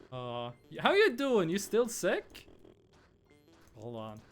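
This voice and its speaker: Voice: medium pitch, wildly swooping pitch, very slow, faint music behind. A young adult streamer, casually chatting while gaming and telling rambling, profane stories. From Norway. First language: Norwegian.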